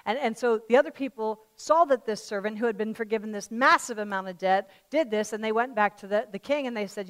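A woman pastor preaching a sermon, swinging between loud fervent declarations and quiet conversational asides, telling a parable in a chatty way. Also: on the high side, fast, few pauses. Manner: tells a parable in a chatty storytelling way.

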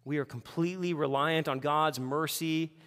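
A man preaching a sermon, animated, moving between hushed and loud passages. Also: on the high side, normal speed, big-room sound. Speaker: pastor.

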